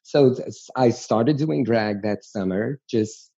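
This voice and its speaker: A gravelly, husky man tells stories in a lively, chatty way. His voice sits low and mellow. The audio sounds dull and lo-fi, as if over a remote line. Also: slow pace. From New York City. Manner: animated, chatty, frank storyteller. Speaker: guest. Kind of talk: candid storytelling interview.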